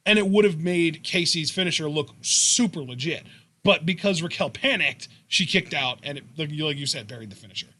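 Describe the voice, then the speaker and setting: A man's voice: a little high, lively intonation, a little fast, pushed and bright, slight background noise. A man co-hosting a wrestling review show, blunt and opinionated, swearing freely. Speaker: podcast co-host. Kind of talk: casual wrestling review chat.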